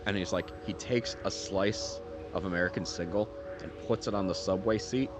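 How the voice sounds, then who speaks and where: A man's voice: deep voice, normal speed. A man streaming a game, rambling through casual commentary and laughing stories. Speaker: gaming streamer. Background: game music.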